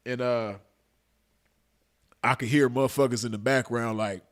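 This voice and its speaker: A man's voice: mid-range voice, fairly even intonation, moderate pace. A man casually telling a personal story to his viewers, slangy and cursing freely, laughing at his own tale. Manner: laid-back, slangy, cursing, breaks into laughter.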